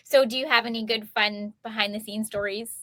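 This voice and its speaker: A woman's voice: fairly high pitch, steady tone, fairly quick, fairly bright tone. A woman co-hosting an interview, reacting and asking friendly follow-up questions. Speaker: interview host.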